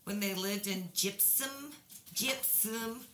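A woman's voice: medium pitch, slow pace, sharp tone, roomy sound, slight background noise. A woman co-hosting a casual podcast chat, telling rambling stories, swearing freely and laughing as she goes. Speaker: podcast co-host.

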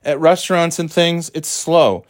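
A man's voice: fairly high pitch, fairly even intonation, a little slow, no echo, clean studio sound. A man delivering an exasperated, profane, sarcastic ranting monologue.

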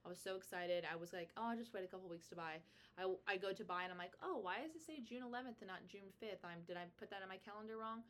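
Quick-paced and fairly bright, this young woman's mid-range voice carries casual podcast chat as a co-host. She's chatty and uses "like" constantly, over a little hiss or hum.

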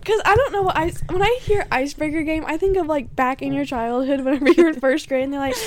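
A woman's voice: high-pitched, fast talker, few pauses, slight background noise. A young woman chatting as a podcast guest, playful, teasing and giggly. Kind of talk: casual chat.

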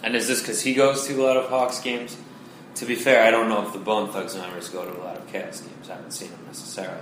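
A man with a fairly low voice co-hosts a podcast, tossing out dry, teasing jokes at his partner. The sound is echoey with a faint hiss. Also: flat delivery, fast, fairly bright tone. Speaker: podcast co-host. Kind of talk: casual sports and music banter. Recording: roomy echo, faint background hiss.

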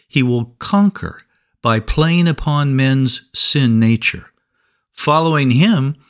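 Slow, expressive male Bible teacher. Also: mid-range voice. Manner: reads scripture aloud, then explains it point by point. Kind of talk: sermon-style Bible teaching.

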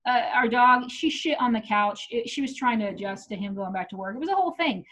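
Fairly quick and a little high-pitched, a middle-aged woman tells a story from her own life over casual chat. She's profane and lively, voicing the quotes herself, though the recording is muffled and lo-fi.

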